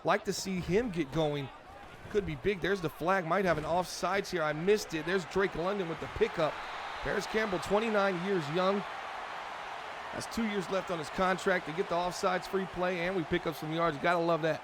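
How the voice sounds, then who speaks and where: A man streams himself in a football franchise mode, chatting casually about each play as a supporter of his team would. His voice is high-pitched and moderately paced, with background noise and the game's music and sounds behind it.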